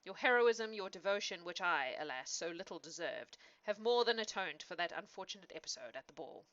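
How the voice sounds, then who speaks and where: A woman reading as a dashing, good-humoured English gentleman in a storybook, jovial and teasing, with a low, bright, forceful voice. The recording sounds dull and lo-fi. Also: animated, brisk. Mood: tender. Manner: jovial, teasing, then tender.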